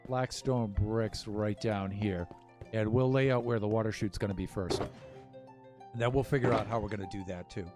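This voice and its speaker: A man's voice: lowish voice, fairly even intonation, moderate pace, over music. A man casually talking through his building as he streams a game, thinking aloud with many fillers. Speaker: Minecraft streamer.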